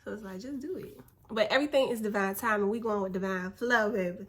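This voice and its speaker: A young woman in a relaxed, slangy motivational chat, calling her viewers "baby". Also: mid-range voice, fast talker. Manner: laid-back, slangy, spiritual encouragement, calls viewers "baby". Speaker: vlogger.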